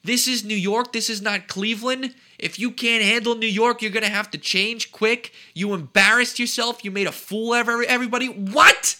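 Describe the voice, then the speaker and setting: The man has a high voice with a piercing brightness. He rants about sports in an indignant, emphatic way and hammers points home by repeating himself. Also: steady tone, normal speed, few pauses. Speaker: sports commentator. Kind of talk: heated sports talk rant.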